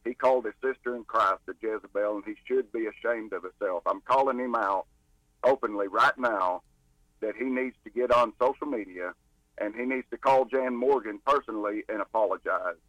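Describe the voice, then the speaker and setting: A man's voice: lowish voice, normal speed, a bit bright, no echo, low-quality recording. A man speaks as a guest on talk radio, indignant and emphatic. His voice sounds dry and close. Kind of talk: casual radio chat.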